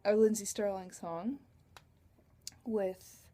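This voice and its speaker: A chatty teenage girl rambles through a story for her vlog and giggles as she goes. Her voice is mellow and warm, and it is recorded through a computer webcam. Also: mid-range voice, steady tone, slow pace. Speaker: vlogger.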